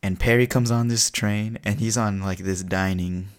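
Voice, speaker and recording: A young man co-hosting a podcast, telling jokey stories in an animated, casual way. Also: fairly low pitch, moderate pace. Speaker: podcast co-host. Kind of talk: casual chat.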